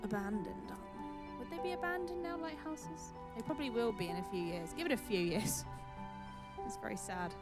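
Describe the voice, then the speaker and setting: A woman's voice: fairly high pitch, a little fast. A woman streaming a video game, chatty and exclaiming, who mocks herself as she plays. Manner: chatty, exclaiming, self-mocking. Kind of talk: gaming stream commentary. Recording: game music behind.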